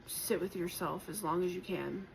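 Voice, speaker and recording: A woman giving a spiritual collective tarot reading, gentle and encouraging, reflective, with many pauses and fillers and moments of emotion. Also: fairly low pitch, steady tone, vocal fry, slight background noise, poor audio. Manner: emotional at times. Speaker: tarot reader.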